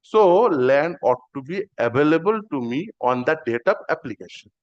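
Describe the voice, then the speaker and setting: A man argues his case in a courtroom. He is formal and deferential, and he keeps addressing the bench as "my lord." His voice is smooth and a little high, and the live-stream audio sounds dull and muffled. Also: expressive, moderate pace. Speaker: petitioner arguing in court. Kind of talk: courtroom argument.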